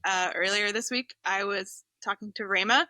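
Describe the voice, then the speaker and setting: A woman, a podcast guest telling a story in an expressive way and laughing easily, on a close mic. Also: medium pitch, normal speed, dry recording. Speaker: guest, journalist. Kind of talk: casual podcast chat.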